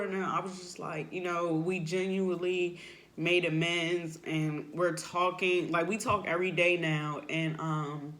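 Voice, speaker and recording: A woman giving a heartfelt, unscripted faith testimony. She speaks earnestly and haltingly, often filling pauses with "like" and "you know," and turns emotional and soft at times. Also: on the low side, fairly even intonation. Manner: emotional, voice drops softly at times. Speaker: person sharing a faith testimony.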